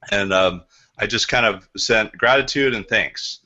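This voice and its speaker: A man's voice: fairly low pitch, a little slow, pushed and bright, highs cut off. A man who is a real estate agent, telling a sales story in a training session and acting out phone calls.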